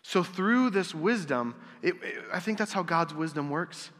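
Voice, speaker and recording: A man's voice: high-pitched, lively intonation, a little slow, fairly bright tone. A man preaching a casual, conversational sermon, asking rhetorical questions and acting out quotes. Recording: long hall reverb.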